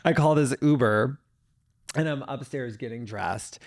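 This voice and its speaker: Gravelly man telling a story. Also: mid-range voice, unhurried. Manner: animated, dramatic storyteller. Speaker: podcast co-host. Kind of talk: casual storytelling chat.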